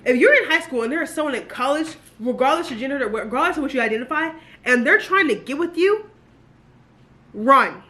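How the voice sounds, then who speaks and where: A woman giving a casual, animated book review, gushing and full of asides as she talks to her viewers. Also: high-pitched, quick pace, few pauses.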